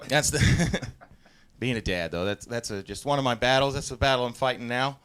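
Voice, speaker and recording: A man in his forties from Southeast Texas doing live stand-up, telling stories in a laid-back way, often laughing at his own jokes and breaking into loud yelled impressions. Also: medium pitch, moderate pace, smooth. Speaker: stand-up comedian. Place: live comedy stage.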